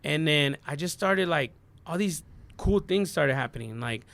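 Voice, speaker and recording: Male DJ guest, 30s, earnest rambling storyteller; bright, edgy tone. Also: on the high side, animated, normal speed, creaky. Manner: earnest, rambling, heavy on "like" and "you know what I mean". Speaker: DJ guest on a podcast. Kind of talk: casual storytelling interview.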